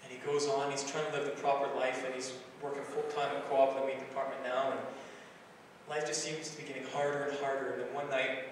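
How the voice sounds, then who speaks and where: A man preaches to a congregation, telling a story in a relaxed, conversational manner full of asides. His voice sits at an ordinary pitch and comes from a distance. A long, booming reverb fills the large hall around him. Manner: conversational storytelling with filler phrases. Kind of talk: sermon retelling a film story. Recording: echoey hall recording from far off, faint hiss.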